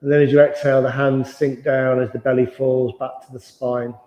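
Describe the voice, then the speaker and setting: Calm male yoga instructor in a roomy hall. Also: medium pitch. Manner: calm, slow, soothing cues. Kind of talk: guided yoga class instruction. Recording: dull, roomy sound with long reverb.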